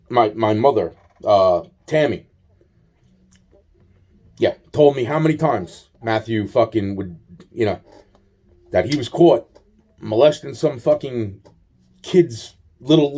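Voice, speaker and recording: A man's voice: mid-range voice, dark tone. A man telling a rambling, aggrieved personal story in a monologue, swearing often and repeating himself. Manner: profane, repetitive, aggrieved storytelling.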